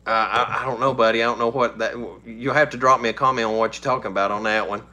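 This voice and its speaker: A man's voice: medium pitch, steady tone, quick pace, pushed and bright. A middle-aged man, chatting casually on his channel in a rambling, folksy way with frequent laughs. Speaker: channel host. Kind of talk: casual live-stream chat.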